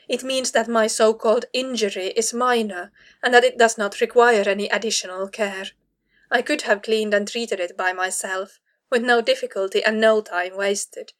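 A woman's voice: on the high side, lightly acted. A woman voicing a proud, prickly young female warrior who talks in a clipped, exasperated way, as in an audiobook reading. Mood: curt. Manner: clipped, exasperated, through clenched teeth. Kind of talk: audiobook reading of fan fiction.

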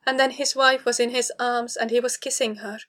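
A woman narrating a story aloud in a steady, expressive way. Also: fairly high pitch, a little fast. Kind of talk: reading fiction aloud.

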